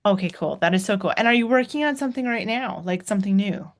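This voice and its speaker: Host: woman, mid-pitch, bubbly and encouraging, quick to laugh. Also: animated. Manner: enthusiastic, encouraging, laughs often. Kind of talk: casual interview.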